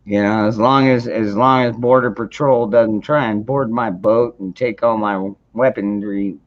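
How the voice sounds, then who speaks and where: A man's voice: on the low side, steady tone, unhurried. Rambling man on a lo-fi stream. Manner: rambling, swears freely, many restarts. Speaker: livestream host. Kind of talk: casual chat. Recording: dull lo-fi stream audio.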